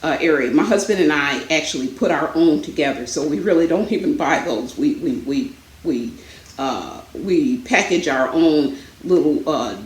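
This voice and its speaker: A woman's voice: low-pitched, lively intonation, normal speed, echoey room, poor audio. A woman vlogging from home in a chatty, rambling way, out of breath. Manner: chatty, rambling, many fillers. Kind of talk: casual chat. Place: home, indoors.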